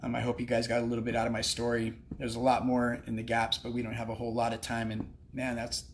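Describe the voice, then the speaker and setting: A man gives a heartfelt, rambling speech from a cafe during a livestream. His voice stays flat and even in pitch while he pauses often on ums and restarts his sentences. A light hum of faint background noise sits under him. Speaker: recovery cafe member sharing his story. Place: recovery cafe.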